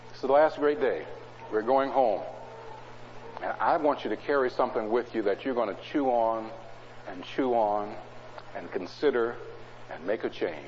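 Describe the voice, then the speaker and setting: A preacher giving a sermon in a church. He reads scripture loudly and drops to low, conversational asides. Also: normal speed, pauses often, slight background noise. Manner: swings between loud scripture reading and low conversational asides. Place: church hall. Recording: dull, echoey hall recording.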